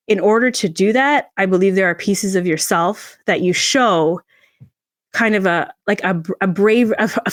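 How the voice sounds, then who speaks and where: A woman podcast guest telling a personal story in an animated, expressive way, acting out the voices she quotes. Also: no echo, studio quality. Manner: expressive, acts out quoted voices with big pitch jumps.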